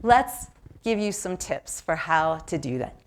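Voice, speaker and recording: A woman from New York leading an interactive seminar, talking lively and asking the audience questions. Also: low voice, a little slow. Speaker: workshop presenter.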